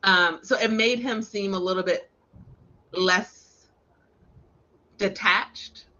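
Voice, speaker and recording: A woman co-hosting a casual movie discussion, thoughtful and quick to concede a point. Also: medium pitch, fairly even intonation, bright, forceful tone, lo-fi sound.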